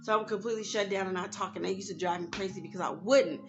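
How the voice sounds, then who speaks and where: Woman vlogger, mid pitch, blunt and animated, faint music under her voice. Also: rapid-fire, highs cut off. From United States. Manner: candid, animated, rising to loud outbursts when ranting. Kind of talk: casual advice vlog.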